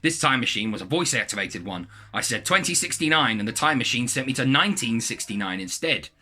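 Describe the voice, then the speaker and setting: A man reading a submitted story aloud in a lively, animated way. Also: mid-range voice, a little fast.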